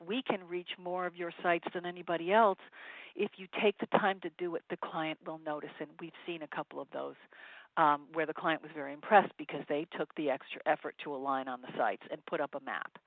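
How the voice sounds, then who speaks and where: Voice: medium pitch, a little fast, no room sound. Advisor on a tinny webinar line. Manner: direct advice to sales teams, frequent "um" fillers. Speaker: sourcing advisory consultant presenting a webinar. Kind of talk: webinar presentation. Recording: tinny phone-line webinar audio, dry.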